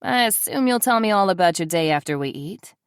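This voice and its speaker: A woman's voice: on the low side, animated, fairly quick, smooth, no room sound, lightly acted. A woman reading the part of a smug young man who teases his partner dryly, in an audiobook. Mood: teasing. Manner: dry teasing.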